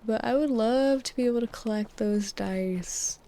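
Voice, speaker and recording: A young woman rambling softly for a sleep-aid gaming video, drifting from topic to topic and often sliding into a whisper, close on a desktop microphone. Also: a little high, normal speed. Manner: rambling and tangential, many "like"s, drifting into soft whispers. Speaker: gaming channel host. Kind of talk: soft-spoken sleep-aid rambling over gameplay. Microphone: desktop USB mic.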